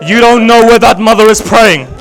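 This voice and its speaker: High-voiced man giving an emotional sermon. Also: normal speed, poor audio. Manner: dramatic, quotes each figure in the story, often drops to a hushed voice. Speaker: Shia religious scholar giving a majlis. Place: religious center gathering hall.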